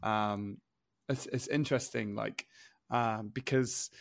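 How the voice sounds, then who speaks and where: A man's voice: fairly low pitch, fairly even intonation, slow pace, vocal fry, dry recording, clean studio sound. A man chatting casually as a podcast co-host, thinking aloud in a reflective, hesitant way. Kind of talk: casual chat.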